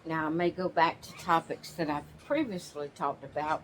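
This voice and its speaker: A woman hosting her own channel, chatting casually from her rocking chair at home in a slow, homey, rambling way and yawning now and then. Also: low-pitched, fairly even intonation, slight background noise, low-quality recording. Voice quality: slow, drawling, yawns often. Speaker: channel host. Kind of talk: casual chat.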